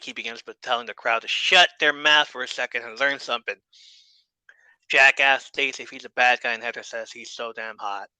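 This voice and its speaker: A man casually recaps a TV episode for his podcast, relaxed and loose, with easy swearing and quick laughs. His voice is very bright and sharp, close to the mic in a dry, dead room. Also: mid-range voice, clear, resonant tone, no room sound, low-quality recording. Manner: laid-back, swears casually, laughs often. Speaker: podcast host.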